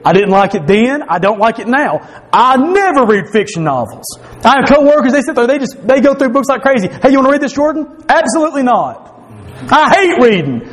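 A man preaching in a church, earnest and confessional, repeating phrases for emphasis. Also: high-pitched. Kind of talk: sermon.

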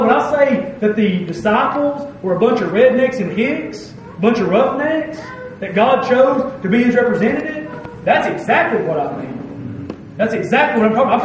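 A man's voice: sits high, far from the mic, slight background noise. A man preaching a folksy, conversational sermon to his church, reading scripture and explaining it. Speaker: pastor. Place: church sanctuary. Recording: very echoey hall, mic from afar.

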